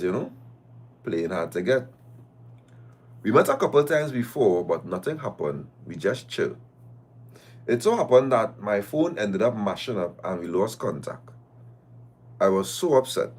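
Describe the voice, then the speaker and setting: A man's voice: on the low side, very animated, unhurried, pauses often, a little mellow. A man, hosting a live stream and reading a listener's story aloud in the first person, breaking in with teasing asides.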